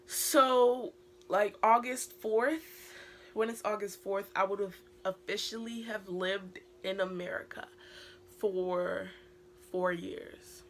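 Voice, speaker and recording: Teen girl, British accent, casual storytime vlog, rambling with fillers, bright voice. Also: medium pitch, steady tone, takes it slowly, slight background noise. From Britain. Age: teens. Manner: rambling, heavy use of filler words. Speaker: vlogger.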